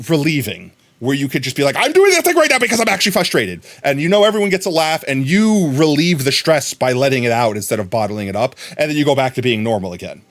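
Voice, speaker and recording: Rambling man with lively pitch. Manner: rambling, self-interrupting talk. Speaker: streamer. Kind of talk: casual chat.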